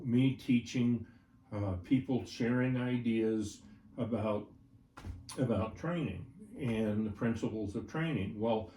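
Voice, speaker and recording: Warm and medium in pitch, the voice belongs to an older man who trains horses and is telling an interviewer a personal story. He keeps it folksy, frequently checking in with "right?" and "all right?". The recording has a roomy, distant quality and a bit of faint ambience.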